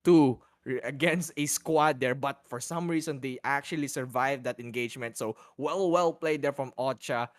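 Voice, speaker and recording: A man's voice: mid-range voice, normal speed, hardly any pauses. A man co-casting an esports match, rambling and hedging as he breaks down plays. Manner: rambling, hedging, laughing with his co-caster. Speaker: shoutcaster. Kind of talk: esports color commentary.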